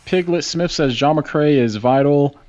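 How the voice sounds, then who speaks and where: A man's voice: on the high side, a little slow, darkish tone, no echo, lo-fi sound. A man guesting on a casual group video chat from home, laid-back and easygoing with slang. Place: home during quarantine, on a video call.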